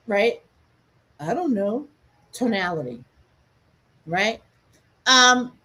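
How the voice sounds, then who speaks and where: A woman with a slightly high, husky voice, speaking slowly and deliberately. She teaches in a preachy, emphatic way and repeats her points to drive them home. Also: a bit bright, low-quality recording. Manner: emphatic, repeats lines for weight. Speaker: spiritual teacher.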